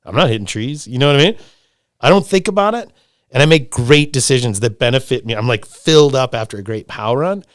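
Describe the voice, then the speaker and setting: Animated middle-aged man, dry close sound. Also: mid-range voice, a little fast, no echo. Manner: animated, rambling, swearing, repeating himself. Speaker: lodge owner, podcast guest. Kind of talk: casual podcast conversation.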